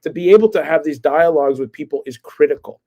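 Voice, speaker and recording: A man running for office answers questions over a remote stream call. He speaks earnestly and steadily and lays out his reasoning. His voice is a little higher than most men's. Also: fast talker, a little mellow. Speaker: congressional candidate guest. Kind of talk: interview answer.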